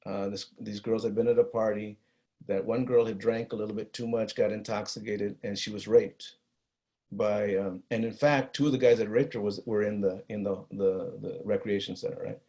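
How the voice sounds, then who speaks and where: A middle-aged man with a Chicano East Los Angeles accent, telling a personal story in a talk, earnest and halting, with many restarts and Spanish phrases. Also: on the low side, little pitch movement, mellow. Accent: Chicano English from East Los Angeles. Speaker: guest speaker on violence prevention.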